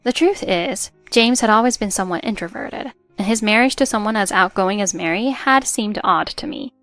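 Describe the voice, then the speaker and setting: A woman giving a calm, measured first-person narration of a scripted family drama story. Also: medium pitch, no echo, faint music behind.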